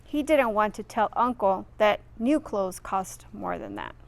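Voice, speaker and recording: A woman's voice: mid-range voice, expressive, unhurried, gravelly. A woman reading a children's picture book aloud expressively, adding friendly asides for her listeners. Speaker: reader.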